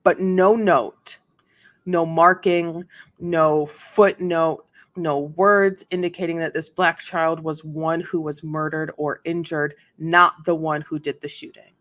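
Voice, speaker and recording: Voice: mid-range voice, fairly even intonation, takes it slowly, a bit bright. A host giving casual commentary on a court trial, chatty and full of fillers and asides, reading testimony aloud.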